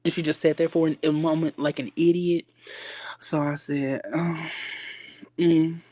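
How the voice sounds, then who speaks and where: A man's voice: on the high side, flat delivery, normal speed, dark tone, no room sound. A man hosting a casual livestream chat, sassy and rambling, often stopping himself to get back on track. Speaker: livestream host. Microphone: phone.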